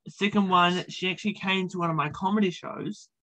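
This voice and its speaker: A man's voice: high-pitched, fairly even intonation, fairly quick, sharp tone, low-quality recording. A man, chatting casually in an interview, with frequent ums and uhs. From New Zealand. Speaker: podcast host being interviewed.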